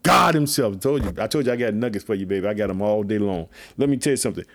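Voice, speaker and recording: A man's voice: lowish voice, fast, no echo. A man giving an informal sermon on scripture, emphatic and repetitive, calling his listeners family. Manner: emphatic, repeats himself, calls listeners "family". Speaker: preacher teaching scripture.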